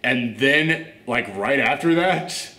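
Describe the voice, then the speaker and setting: A man's voice: mid-range voice, takes it slowly. Exasperated man ranting in a roomy space. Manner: animated and exasperated, swears and laughs often. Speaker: host. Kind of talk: casual movie rant. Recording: roomy echo.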